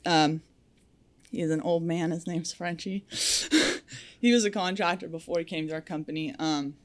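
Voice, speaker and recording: A woman's voice: lowish voice, normal speed. Young woman, lineman guest, candid and outspoken, casual interview chat, fillers and restarts.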